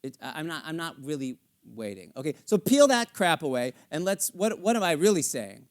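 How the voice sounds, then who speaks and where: Animated middle-aged man coaching a singer. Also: a little high, fairly quick, few pauses. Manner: animated, acts out lyrics and inner thoughts, swearing, playful. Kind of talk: live masterclass coaching. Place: theater stage with studio audience.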